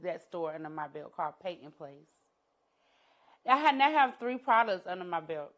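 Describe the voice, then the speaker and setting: A middle-aged woman shares her personal journey in a conference talk. She tells it dramatically, with her voice falling soft and low at the heaviest moments. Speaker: entrepreneur and educator giving a talk. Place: conference room.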